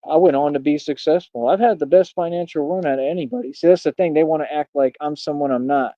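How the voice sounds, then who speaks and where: A boastful man in his thirties rants at his critics on a livestream, sitting fairly high for a man. The sound is dry and a little dull, like lo-fi stream audio. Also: dark tone, dry recording. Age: 30s. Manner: boastful, confrontational, talks fast. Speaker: streamer and radio show host. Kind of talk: livestream rant.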